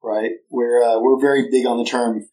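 A male podcast host chats casually with his guest in a middle-pitched voice. He is easygoing and quick to poke fun at himself. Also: little pitch movement, dark tone, poor audio. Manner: chatty, self-deprecating, conversational. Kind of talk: casual interview chat.

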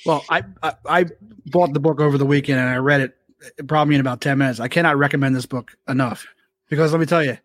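A man's voice: medium pitch, fairly even intonation, fast, no echo. A man hosting a casual interview, joking and poking fun at himself. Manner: joking, self-deprecating. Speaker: host.

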